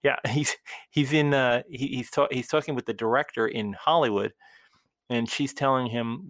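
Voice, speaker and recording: A male podcast host of middling pitch, telling anecdotes with lively energy. The recording is dry, with no room sound. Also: moderate pace, no echo. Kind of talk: casual interview chat.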